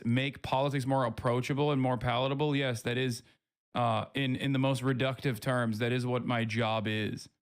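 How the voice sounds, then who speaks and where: Sarcastic man streaming live commentary. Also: medium pitch. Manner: sarcastic, animated, mocking asides. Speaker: streamer reacting to videos. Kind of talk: casual reaction commentary.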